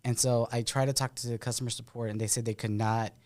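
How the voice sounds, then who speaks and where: A man hosting a podcast in a studio, chatting casually in an animated, joking way. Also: mid-range voice. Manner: chatty, animated, quick to joke and mimic. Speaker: podcast host. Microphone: studio microphone.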